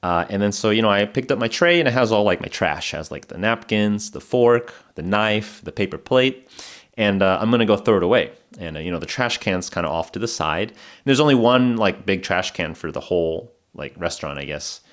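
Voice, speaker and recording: A man's voice: on the low side, lively intonation, a little fast. A man hosting a podcast, telling a casual story in a rambling way, full of fillers and restarts, and laughing now and then. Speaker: podcast host.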